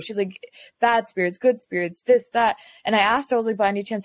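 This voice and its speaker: A woman in a relaxed podcast conversation, recounting an anecdote and playing out each side of the exchange in quick quoted lines. Her voice sits at an ordinary pitch and sounds dry and close to the mic. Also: no room sound. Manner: animated retelling with quoted dialogue, frequent "I was like". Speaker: podcast guest. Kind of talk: casual storytelling chat. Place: lives in Florida.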